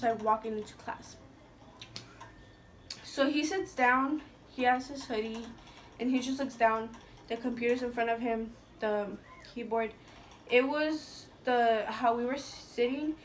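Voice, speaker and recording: High-voiced young woman telling a story. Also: slight background noise. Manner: chatty, swears freely, heavy filler "like"; slips into Spanish slang. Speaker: beauty vlogger telling a story. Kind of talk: casual storytime monologue. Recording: voice a bit distant from the mic.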